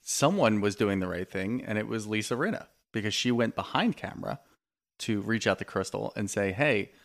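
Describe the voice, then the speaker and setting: A man's voice: lowish voice, lively intonation, normal speed, creaky. A man co-hosting a podcast, rambling through a reality show recap with lots of "like" and casual swearing. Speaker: podcast co-host.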